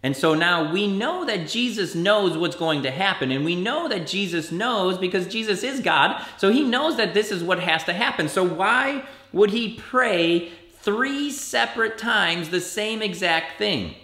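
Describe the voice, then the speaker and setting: A man as a children's pastor, telling a story to kids in an animated way and acting out the quotes with big jumps in pitch. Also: unhurried, few pauses, echoey room. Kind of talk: kids' church sermon.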